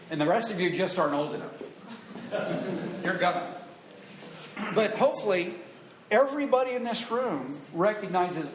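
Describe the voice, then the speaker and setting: High-voiced preacher in an echoey hall. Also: male voice, background noise. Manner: earnest teaching, quoting scripture, emphatic repetition. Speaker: pastor. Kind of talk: sermon. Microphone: wired handheld or lapel mic. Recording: echoey room with faint ambience.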